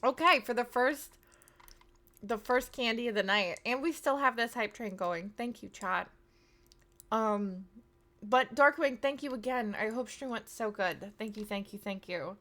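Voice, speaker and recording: A woman's voice: a little high, measured pace, sharp tone. A woman in her thirties chatting casually to her live-stream audience, rambling with plenty of fillers. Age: 30s.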